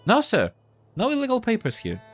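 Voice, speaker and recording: A man's voice: extremely high pitch, wildly swooping pitch, a little fast, soft background music, voice pushed up, exaggerated voice. A man voicing a nervous young newsstand boy who stammers and sounds jittery. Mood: eager.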